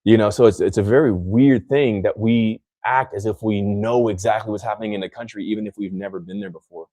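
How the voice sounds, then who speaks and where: An American man with a low, mellow voice, rambling through a relaxed podcast conversation. He trips over restarts and slips into acting out what others say. The sound is dry and close. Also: fairly quick, no room sound. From United States. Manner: rambling, many restarts, acts out other people in quotes. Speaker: podcast host. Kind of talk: casual podcast chat.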